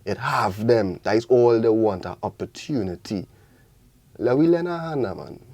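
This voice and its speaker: A man's voice: fairly low pitch, expressive, moderate pace, a little mellow, dry recording. A young man with a Trinidadian accent, speaking passionately and repeating his points in a radio studio interview. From Trinidad and Tobago. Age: young adult. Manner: passionate, preachy, repetitive rallying calls. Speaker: guest artist.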